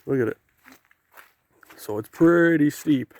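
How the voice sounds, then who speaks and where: Walking down a forest trail in the rain toward the ocean, a Canadian vlogger rambles casually to his camera about what's around him. His voice is on the high side, slow, and a little mellow, with no echo, and the background holds faint outdoor noise of rain and waves.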